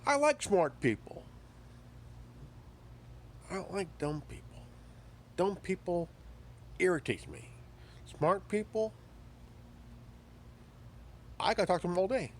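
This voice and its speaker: Profane, slow-talking ranting man. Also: sits high, big pitch swings, slight background noise. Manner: profane, confrontational, halting repetitions. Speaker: political commentary vlogger. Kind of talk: ranting monologue.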